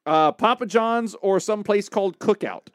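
A man's voice: high voice, normal speed, no echo, clean studio sound. A man co-hosting a podcast in casual chat, easygoing as he reads out the bracket matchups. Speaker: podcast co-host running the bracket.

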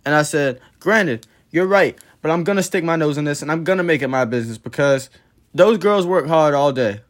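Slightly high-voiced man venting on a podcast. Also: fairly quick. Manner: blunt, profane, heated retelling of a work dispute. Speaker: podcast host. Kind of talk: casual storytelling monologue.

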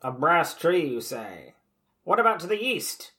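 A man's voice: fairly high pitch, very animated, a little slow, pushed and bright. A man playing a tabletop game, dry and teasing in his questions. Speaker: player.

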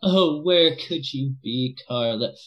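A man's voice: mid-range voice, slow, fairly bright tone, lo-fi sound, pitched above the performer's own voice. A man voicing a grieving middle-aged father who mourns his lost daughter in rhymed verse. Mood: mournful. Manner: dramatic, lilting recitation.

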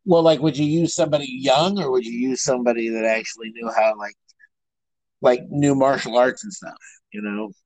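A man's voice: mid-range voice, fairly even intonation, moderate pace, darkish tone, dry recording. A man co-hosting a casual comedy podcast, riffing and joking. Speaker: podcast co-host.

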